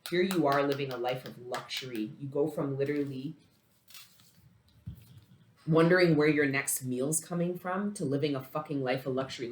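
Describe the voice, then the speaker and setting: A woman's voice: a bass voice, slight background noise. Swearing, emphatic woman tarot reader. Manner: emphatic, heavy swearing, dramatic swings in loudness. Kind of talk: casual tarot reading. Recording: roomy echo.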